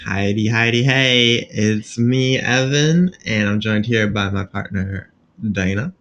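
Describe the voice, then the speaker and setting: A man with a low, gravelly voice co-hosts a laid-back podcast. He talks in a rambling, joking way, stumbling over words and padding with fillers as the chat drifts along. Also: takes it slowly, a bit bright, muffled recording, a little hiss or hum. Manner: rambling and jokey, with many fillers and restarts. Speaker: podcast co-host.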